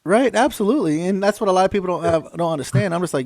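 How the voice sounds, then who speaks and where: A man hosting a casual veterans' podcast, profane and animated, getting loud when fired up. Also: a little high, racing, hardly any pauses, no echo. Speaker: podcast host.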